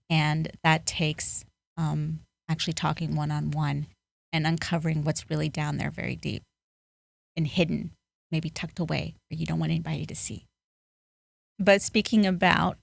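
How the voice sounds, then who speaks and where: A woman's voice: low voice, creaky, no echo. A woman guest on a podcast, a life coach speaking in an earnest, motivational way with emphatic bursts. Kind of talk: podcast interview.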